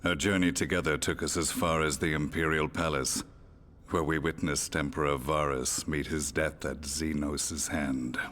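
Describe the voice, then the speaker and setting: An actor playing a stern older imperial warrior in a game cutscene, speaking in a formal, measured way. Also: male voice, a bass voice, fairly even intonation, fairly bright tone, slight background noise. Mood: grave.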